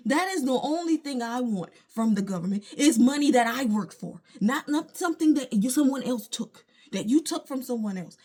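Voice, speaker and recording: A woman's voice: high-pitched, darkish tone. A woman, venting her frustration emphatically to a phone camera at home. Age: late 20s. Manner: frustrated, emphatic ranting with religious asides. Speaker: vlogger. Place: at home, indoors.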